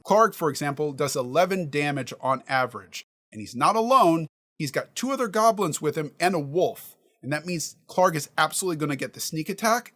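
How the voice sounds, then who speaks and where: Man explaining game prep, fairly high voice. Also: a bit bright. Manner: thinks aloud, reasons through examples. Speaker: dungeon master giving prep advice. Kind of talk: casual instructional talk.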